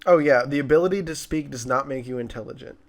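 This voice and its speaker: A man's voice: mid-range voice, fast talker, vocal fry. A man in his twenties, co-hosting a casual movie review, talking in a chatty way with lots of fillers and restarts. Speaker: co-host of a movie review show.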